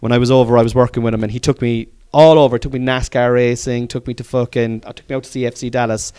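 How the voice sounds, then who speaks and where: A man's voice: medium pitch, little pitch movement, quick pace, mellow, clear, resonant tone. A middle-aged Irish man with a Cork accent, hosting a podcast in casual, rambling chat and swearing freely. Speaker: podcast host.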